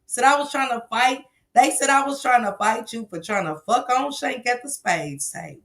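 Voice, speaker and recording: A woman hosts a casual live stream. Her voice is bright and forward, and she tells stories loudly and animatedly, full of slang and swearing. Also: a little high, moderate pace.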